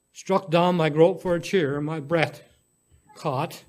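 Guy reading a short story out loud, kinda high voice, calm and gentle, a few little slips. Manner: gentle, unhurried reading with small slips and restarts. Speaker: story reader.

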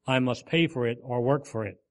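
A man's voice: medium pitch, fairly quick, natural voice. A man voicing a missionary in a sermon story, speaking firmly and sincerely. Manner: firm, sincere. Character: male missionary, determined and humble.

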